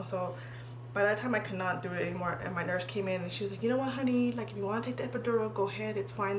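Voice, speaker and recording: A young woman vlogger telling a story in a candid, chatty way, swearing freely and saying "like" often, while getting ready. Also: mid-range voice. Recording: echoey room with faint hum.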